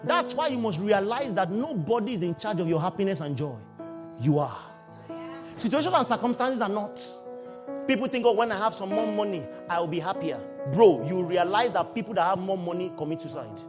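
High-voiced man preaching emphatically. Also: brisk, music in the background. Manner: emphatic, animated preaching with sudden loud outbursts. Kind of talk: sermon.

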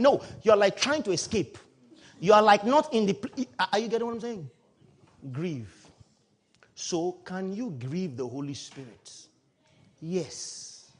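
A man preaching a sermon with an emphatic, animated delivery, swinging from quiet explanation to loud outbursts. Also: high-pitched.

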